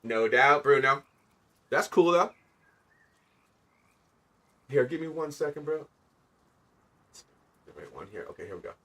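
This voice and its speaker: A man's voice: a little high, animated, a little slow, long pauses, bright, forceful tone. A man streaming a video game, chatting casually with viewers and thanking them as he plays. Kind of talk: casual livestream chat.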